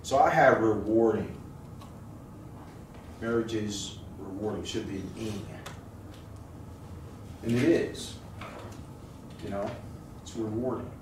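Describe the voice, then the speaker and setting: This pastor speaks in a lowish voice, a little slowly, leaving long pauses as he tells stories and jokes through a conversational sermon. He prompts the congregation to answer him. The church sanctuary audio comes from a far-off mic, echoey and noisy.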